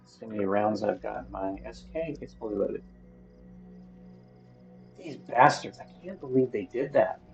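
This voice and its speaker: A man's voice: on the low side, lively intonation, measured pace, gravelly, long pauses, muffled recording, soft background music. A man talking to himself while playing a survival game, grumbling and swearing at what happens on screen. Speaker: gaming streamer. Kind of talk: solo gameplay commentary.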